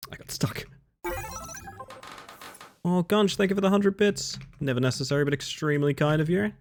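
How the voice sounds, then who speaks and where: Late at night, a man streams a speedrun, chatting casually with viewers, thinking aloud, and correcting himself as he plays. He sounds a little tired, his voice on the high side at a moderate pace, with soft background music.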